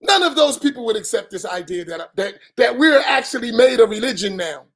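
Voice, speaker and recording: A middle-aged imam, giving an emphatic post-dawn-prayer talk full of rhetorical questions and bursts of raised voice. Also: male voice, very high voice, expressive, a little fast, a bit bright. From United States.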